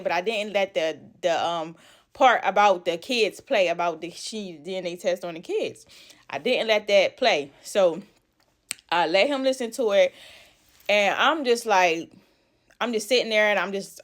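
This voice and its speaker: Breathless woman telling a wild story. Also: mid-range voice. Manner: animated, blunt, swears a lot, drops into quiet asides. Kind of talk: casual storytime vlog.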